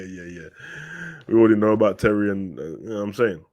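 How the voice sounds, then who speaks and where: A young man hosting a live football watch-along, chatting in slang and rising to loud, excited play-by-play. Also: fairly low pitch, fast talker.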